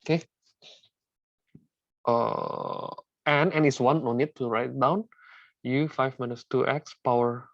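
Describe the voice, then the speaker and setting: A man's voice: medium pitch, very animated, measured pace, creaky, pauses often, no echo, highs cut off. A man teaching a math lesson, working through the examples step by step, often repeating words and asking "right?" after each step.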